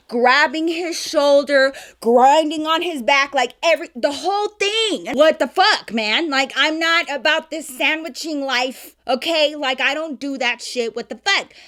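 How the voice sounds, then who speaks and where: A young woman telling a club story to her viewers in a chatty, animated way, swearing freely and calling them y'all. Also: high voice. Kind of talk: casual storytime.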